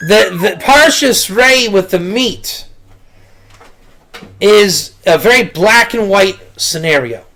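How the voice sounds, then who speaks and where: A man's voice: high-pitched, lively intonation, takes it slowly, bright, forceful tone. A man, a rabbi, giving a casual teaching talk, rambling and repeating words, mixing in Hebrew and Yiddish terms. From Israel.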